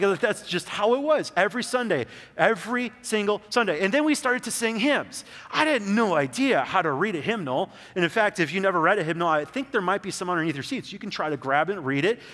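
This young pastor's voice sits high, bright and forceful, and he speaks briskly with lively intonation. Preaching in a church with hall reverb, he tells a story in an easygoing way full of "like"s.

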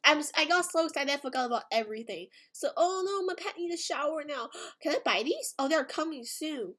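A woman giving excitable gameplay commentary, gasping often and repeating exclamations of delight. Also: high voice, fairly quick. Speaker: gaming video creator.

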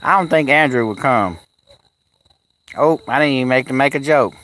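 A man's voice: medium pitch, normal speed, fairly bright tone. A man chatting casually on a live stream outdoors at a kennel, cooing at his animals and answering the chat in a folksy way.

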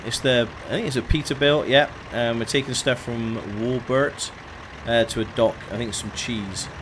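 A man's voice: medium pitch, fairly even intonation, moderate pace. A young man chatting casually as he streams a driving game, greeting viewers by name and talking through each step. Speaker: gaming streamer. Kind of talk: casual live-stream commentary. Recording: faint truck engine noise behind.

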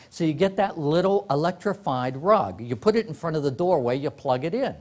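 Animated storytelling man, laughing often. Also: on the high side, moderate pace. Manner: animated, laughing often, acts out quoted voices. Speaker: author giving a workshop talk. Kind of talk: comic storytelling to a live audience. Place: library meeting room.

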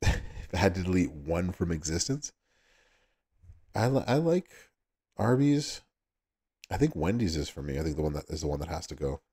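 A man's voice: low voice, very animated, moderate pace, long pauses, dark tone, slightly rough. A man with a Southern US accent hosting a livestream, chatting casually with viewers and laughing often. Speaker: livestream host.

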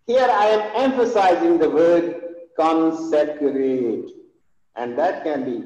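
A man's voice: high voice, warm tone. Earnest Indian man lecturing in a hall. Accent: Indian English. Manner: earnest, emphatic, with frequent hesitations and repetitions. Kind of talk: formal lecture. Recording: echoey hall, dull lo-fi sound.

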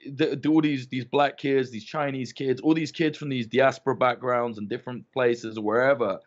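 A man's voice: medium pitch, moderate pace. A man in casual podcast chat, swearing often and telling stories with animation. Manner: swears a lot, animated storytelling. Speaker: podcast guest. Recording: muffled lo-fi audio.

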